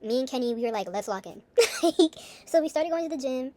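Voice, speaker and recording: A woman's voice: high voice, brisk, mellow, slight background noise. A young woman talking in a casual, rambling video diary, full of fillers and asides. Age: young adult. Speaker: vlogger.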